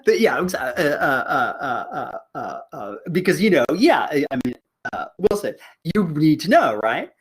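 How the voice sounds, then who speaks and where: A middle-aged man teaching a college class in a loose, chatty way. His pitch swoops widely as he jokes, and he stumbles through fillers and restarts, often breaking into laughter. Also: husky, low-quality recording. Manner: animated, laughing, halting with many fillers. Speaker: college lecturer. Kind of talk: casual online class lecture.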